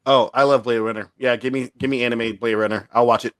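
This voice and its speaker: A man's voice: mid-range voice, quick pace, dry recording, clean studio sound. A man, co-hosting a podcast in casual, rambling chat. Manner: animated, rambling, laughs often. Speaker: podcast co-host.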